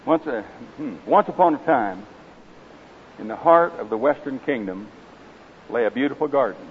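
A man's voice: mid-range voice, animated, normal speed. A man with an Oklahoma accent preaching a sermon, folksy and conversational, then reading a parable aloud. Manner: folksy, conversational and direct with listeners. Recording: slightly dull with faint hiss.

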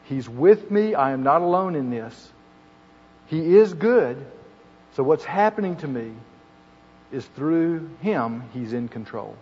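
An earnest middle-aged man delivers a sermon, his slightly husky voice sitting a little high for a man. He builds to emphatic, repeated lines. The recording is muffled and carries a long hall reverb. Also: expressive, takes it slowly. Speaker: preacher.

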